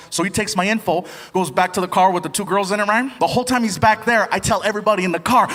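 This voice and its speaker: Animated high-voiced comedian in a big hall. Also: male voice, quick pace, few pauses. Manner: animated, jumps between voices. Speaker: stand-up comedian. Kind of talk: stand-up storytelling. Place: large comedy venue. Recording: live hall with audience noise.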